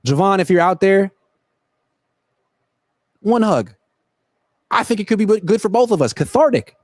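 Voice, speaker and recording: A man's voice: high voice, animated, measured pace, dry recording. A man hosting a casual sports livestream from a football stadium, joking and rambling as he answers viewer questions into a laptop mic. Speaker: sports reporter and host. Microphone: laptop built-in camera mic.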